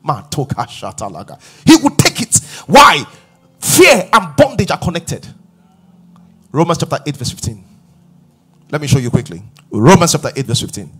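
Middle-aged pastor preaching hard, husky voice, swoops way up and down, yells for emphasis. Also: male voice, a little high, big pitch swings, normal speed. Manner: emphatic preaching, rising to shouts. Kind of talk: sermon.

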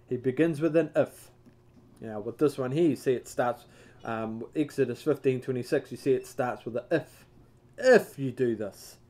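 A man leading a Bible study, reading a devotional book aloud in a measured way, now and then stumbling and correcting himself. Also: mid-range voice, warm tone.

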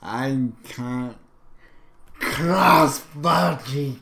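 A man's voice: medium pitch, very slow, creaky, very noisy. A man hosting a let's play video, commenting on the game and reading level names aloud with jokey outbursts. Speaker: gaming video host.

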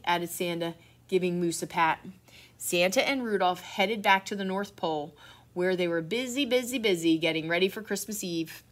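A middle-aged woman, a teacher reading a picture book aloud to children, expressive and full of surprise. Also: on the low side, normal speed. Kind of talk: children's read-aloud storytime.

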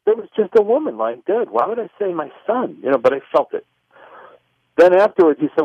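Animated man telling a story on a muffled radio phone line. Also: on the high side, normal speed, husky, no room sound. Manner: lively, acts out both sides of remembered dialogue. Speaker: author and filmmaker guest.

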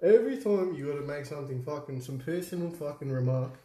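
A man's voice: a little high, animated, fast talker, dark tone. A young Australian man co-hosting a card break, joking back, swearing freely and reading out names. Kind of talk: casual banter while opening cards.

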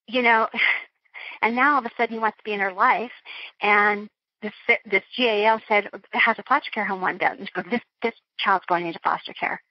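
A woman's voice: a little high, no echo, highs cut off. A woman being interviewed, recounting a personal ordeal in an earnest, flowing way with frequent restarts. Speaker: interview guest.

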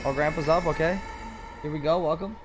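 A man's voice: a little high, a little fast, slight background noise. A young man streaming a game, chatting casually with slang and explaining rules to friends on a headset mic. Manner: relaxed, slangy, confused at times. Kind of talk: casual gaming chat.

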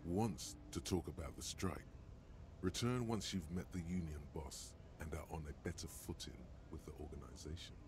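A man's voice: low voice, normal speed, background noise, natural voice. An actor voicing a male inner voice who narrates the hero's body and gives warnings in a dramatic way. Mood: ominous.

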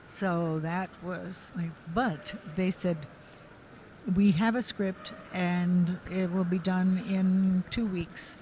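A woman's voice: on the low side, steady tone, takes it slowly, mellow, a little hiss or hum, rough recording. An older actress as an interview guest, telling stories in a chatty way, laughing often and restarting her sentences. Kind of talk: casual anecdotal storytelling. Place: convention floor.

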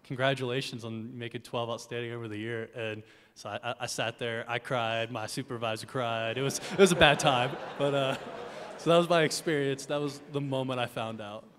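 A male airman on an award panel tells a lively story about himself, quoting the people in it as he goes. His voice sits at a middle pitch and carries the long reverb of a big hall. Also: brisk, crowd noise. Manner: animated storytelling, quoting others. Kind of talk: personal story told on stage. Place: symposium hall on stage. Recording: reverberant auditorium.

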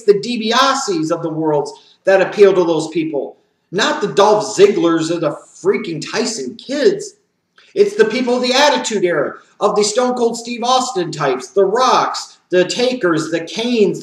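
A man's voice: sits high, reverberant, recorded from a distance, poor audio. A man hosting a wrestling opinion show, delivering a profane, emphatic rant. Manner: profane, emphatic, rising to shouts on key points. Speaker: wrestling commentary host.

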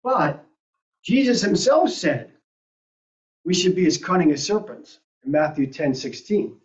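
A woman's voice: lowish voice, sing-song, measured pace. A woman teaching an adult Sunday school class, asking the group questions and thinking aloud as she goes. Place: church classroom. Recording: roomy, distant and dull.

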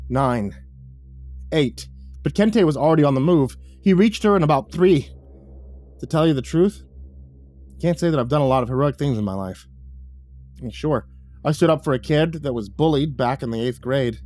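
A man narrating a first-person horror story with dramatic delivery, dropping low and soft on the grim lines. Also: moderate pace, long pauses, faint music behind.

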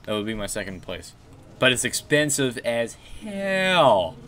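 A man's voice: mid-range voice, very animated, unhurried, fairly bright tone, slight background noise. A man casually chatting while streaming a game, rambling and answering chat. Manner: rambling, restarts, reads chat.

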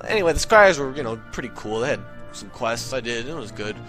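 A man telling a comic story in an excitable, profane, ranting way. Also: medium pitch, quick pace, music in the background. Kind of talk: comedic monologue.

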